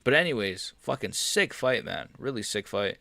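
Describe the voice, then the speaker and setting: A young man reacting live to fights on a stream, excitable and swearing, swinging from mumbling asides to yelling. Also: mid-range voice, normal speed, creaky, dry recording.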